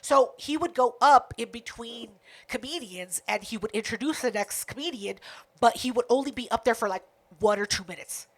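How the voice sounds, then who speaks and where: A woman's voice: fairly high pitch, moderate pace. A woman co-hosting a podcast, retelling a night out in a casual, profane chat full of quoted back-and-forth. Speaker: podcast co-host.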